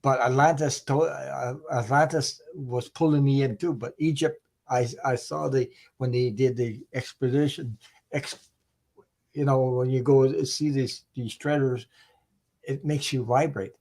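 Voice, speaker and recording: A man in a casual group conversation, musing in halting, restarting speech. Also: mid-range voice, fairly even intonation, gravelly, a little mellow. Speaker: participant.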